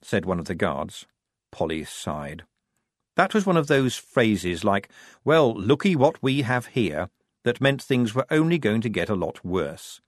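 A man reading an audiobook aloud with a wry, knowing touch. His pitch moves a lot, and the sound is close and dry, with no room tone. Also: sing-song, measured pace, no room sound. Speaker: narrator. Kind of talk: audiobook narration.

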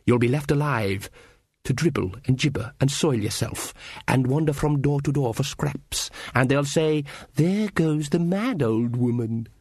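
A man reading an audiobook voices a cruel elf queen in a low, cold, threatening manner. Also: animated, unhurried, darkish tone, breathy edge, no echo, clean studio sound. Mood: cold menace. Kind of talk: audiobook character voice.

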